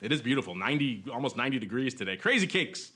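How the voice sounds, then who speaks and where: A man's voice: medium pitch, very animated, racing, bright, forceful tone, slightly rough. A man hosting a podcast in casual chat, jokey and rambling with frequent chuckles. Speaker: podcast host.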